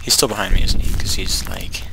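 A young man commentating a horror game, nervous and jittery, often going hushed, then bursting into panicked repeated words. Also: low-pitched, steady tone, fairly quick, creaky. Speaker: gaming YouTuber. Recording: noisy home mic recording.

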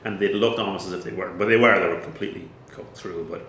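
A man's voice: low-pitched, steady tone, fast, a bit bright. An Irish brewmaster, a man, chatting casually as a guest and explaining things thoughtfully with plenty of fillers. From Ireland. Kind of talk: casual chat. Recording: roomy echo, faint noise.

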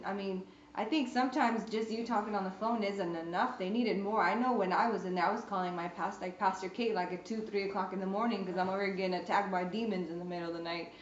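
A woman sharing a testimony in a casual group discussion, telling a chatty story and acting out both sides of the conversations. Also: medium pitch. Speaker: beauty business owner sharing a testimony. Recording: roomy, dull recording with faint background noise.

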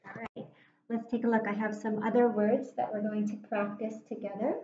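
A woman teacher giving a phonics lesson to young children, speaking slowly and clearly with encouragement. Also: medium pitch, level tone, mellow. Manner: slow, clear, encouraging classroom delivery. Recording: roomy, dull lo-fi classroom recording with faint noise.

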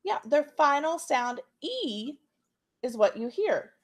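A woman's voice: high voice, expressive. A woman teaching a phonics and spelling lesson to young students, patient and checking in often. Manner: slow, patient, checks in with frequent "okay?".

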